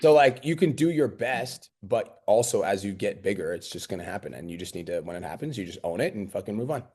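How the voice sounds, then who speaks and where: A man's voice: lowish voice, lively intonation, a little fast, darkish tone, breathy edge. A young man coaching a group on a call, blunt and upbeat, swearing casually. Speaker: business coach and podcast host.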